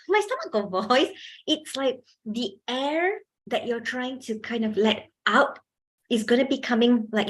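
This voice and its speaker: A young woman giving a chatty workshop talk on public speaking, often asking the audience questions. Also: on the high side.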